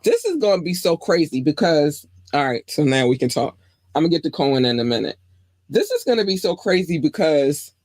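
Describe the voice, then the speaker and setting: A woman's voice: low voice, darkish tone, dry recording. A woman hosting a podcast, reading news aloud in a casual, chatty way with frequent asides and questions. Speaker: podcast host.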